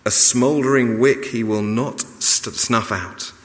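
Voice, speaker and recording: A man preaching a sermon in a measured, emphatic way, pausing and restarting as he explains a passage. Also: medium pitch. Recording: long reverb of a large hall.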